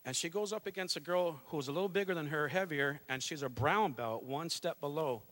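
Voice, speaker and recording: A middle-aged pastor preaching a fervent sermon, mixing calls to worship with a conversational family story. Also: male voice, on the high side, fairly quick, a bit bright. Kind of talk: Pentecostal sermon.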